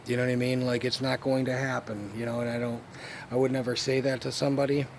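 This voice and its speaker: Gravelly-voiced man venting in a loose, profane ramble, constantly checking in with the listener. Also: medium pitch, level tone, quick pace, a little mellow, slight background noise. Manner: rambling and profane, fillers and repeated 'you know what I mean'. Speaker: vlogger. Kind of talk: rambling monologue to camera.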